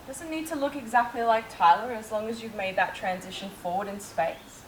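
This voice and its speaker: A woman teaching a yoga class, calmly cueing breath and movement step by step. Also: on the high side, normal speed, recorded from a distance, slight background noise. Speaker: yoga instructor. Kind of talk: guided yoga class instruction. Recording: echoey room, faint ambience.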